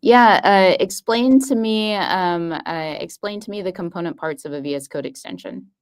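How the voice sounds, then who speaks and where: A woman's voice: lowish voice, moderate pace, clear, resonant tone. A woman speaking as a guest expert on a live coding stream, hesitant and thinking aloud. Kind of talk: live coding demo, casual.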